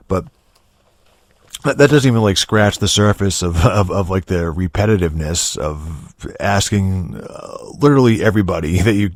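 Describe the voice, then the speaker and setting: Podcast host: man with a deep voice, rambling and sarcastic, swears a lot, dry close mic. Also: dry recording. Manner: rambling, profane, sarcastic, many fillers. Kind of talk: casual chat.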